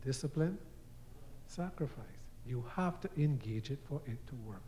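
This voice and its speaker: A man's voice: mid-range voice, expressive, normal speed, warm tone, a little hiss or hum. A man preaching a sermon, telling everyday stories and acting out quoted voices, sometimes repeating words as he goes. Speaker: guest preacher. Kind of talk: sermon teaching.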